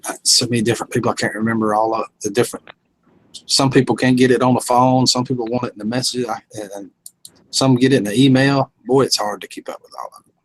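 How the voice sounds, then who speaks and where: Husky man chatting. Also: medium pitch, fairly even intonation, quick pace, poor audio. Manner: folksy, easygoing. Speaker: host. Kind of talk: casual chat.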